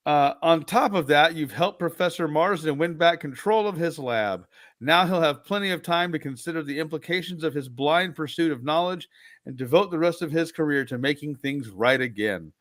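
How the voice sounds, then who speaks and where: A man's voice: on the high side, moderate pace, a bit bright, dry recording, clean studio sound. A man co-hosting a podcast, reading a gamebook and trading laughing banter. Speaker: podcast co-host. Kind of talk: casual chat with story reading.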